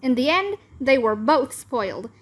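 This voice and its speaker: A woman narrating a children's chapter book aloud, careful and even. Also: high-pitched, unhurried. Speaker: read-aloud channel host. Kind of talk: children's storybook read-aloud.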